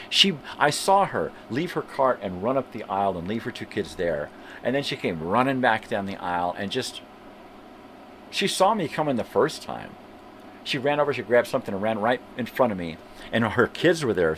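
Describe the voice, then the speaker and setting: A man's voice: lowish voice, a bit bright, slight background noise. An older man hosting a morning livestream from home, ranting heatedly with lots of swearing and mocking impressions of other people. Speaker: host. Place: home room with a fan running.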